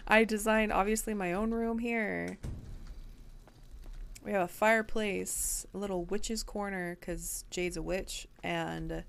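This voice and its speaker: Gravelly, slow-talking woman venting in a roleplay. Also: medium pitch, fairly even intonation, a bit bright, a little hiss or hum. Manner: frustrated, swearing, rambling with fillers. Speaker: roleplay streamer. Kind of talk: in-character game roleplay chat.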